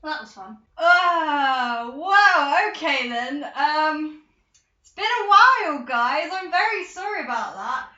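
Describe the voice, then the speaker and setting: An excitable teenage girl, chatting and rambling to her camera in a casual vlog. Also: high-pitched, slow, soft background music. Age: teens. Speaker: vlogger. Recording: echoey room, dull lo-fi sound.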